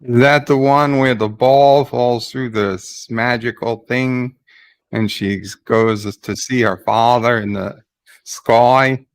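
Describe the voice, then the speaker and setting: A man's voice: mid-range voice, fairly even intonation, takes it slowly, clean tone, no echo. A man chatting casually and joking in an online group call. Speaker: regular in an online pub chat.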